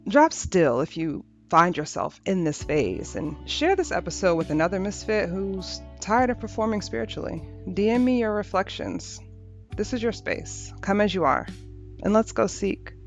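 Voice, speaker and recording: A woman hosting a podcast, talking through a reflective spiritual monologue in a gentle, unhurried way, repeating phrases for rhythm. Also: medium pitch, lively intonation. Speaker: podcast host. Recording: dull lo-fi audio with faint music.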